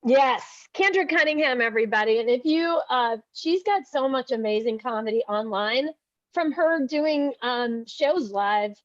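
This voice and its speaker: Woman, Southern accent, livestream co-host, high-pitched, halting and chatty, muffled lo-fi sound. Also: animated, dry recording. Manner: chatty, halting with many fillers. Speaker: podcast co-host. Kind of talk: casual livestream chat. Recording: dull lo-fi stream audio.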